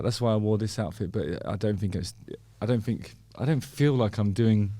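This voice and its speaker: A man's voice: on the low side, dark tone, no echo. Wry English man, dry close sound. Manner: wry, chatty, with joking asides. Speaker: music video host. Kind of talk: casual commentary on a song.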